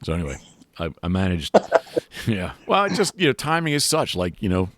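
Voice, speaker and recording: A man's voice: sits low, huge pitch swings, a little fast, fairly bright tone, dry recording. A man hosting a podcast, talking casually in a rambling way with many restarts and fillers. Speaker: podcast host. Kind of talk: casual chat.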